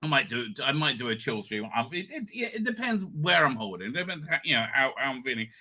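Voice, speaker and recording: A man's voice: mid-range voice, sing-song, fast, sharp tone. A man, rambling tiredly through a casual livestream, full of asides and restarts. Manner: chatty and digressive, with frequent restarts and "right?" asides. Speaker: livestream host.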